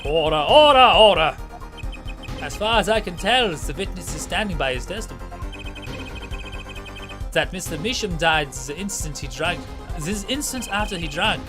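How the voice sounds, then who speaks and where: A man voicing a stern older court judge in a game playthrough, formal and booming. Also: lively intonation, moderate pace, music in the background.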